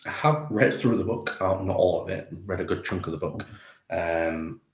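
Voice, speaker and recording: A man's voice: sits low, moderate pace. A man streaming live as he paints miniatures, rambling and self-deprecating as he chats with viewers. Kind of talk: casual live-stream chat. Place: home conservatory. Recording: echoey room.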